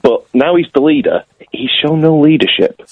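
A man's voice: a little high, moderate pace, gravelly, no echo. Wry male caller on a muffled line. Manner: wry, deadpan joking. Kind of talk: casual phone-in chat. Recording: dull phone-line sound.

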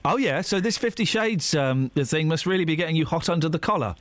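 A man's voice: a little high, lively intonation, quick pace, dry recording. A man hosting a breakfast radio show, bantering in a teasing, jokey way. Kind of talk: casual radio chat.

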